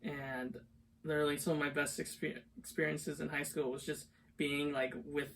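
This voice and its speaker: A man's voice: on the high side, little pitch movement, normal speed, gravelly, a bit bright. A young man co-hosting a podcast, telling stories in a rambling, casual way full of filler words. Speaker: podcast co-host. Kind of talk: casual chat. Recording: distant mic, faint background noise.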